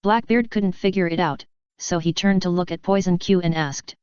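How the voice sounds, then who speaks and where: A woman narrating a fanfiction audiobook in a steady, even read-aloud manner. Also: fairly low pitch, moderate pace, clear, resonant tone, no room sound, dull audio.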